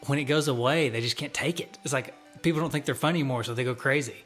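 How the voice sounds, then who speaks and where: A man's voice: mid-range voice, fast talker, a bit bright, soft background music. Teasing, opinionated podcast man. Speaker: podcast co-host. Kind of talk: casual podcast chat.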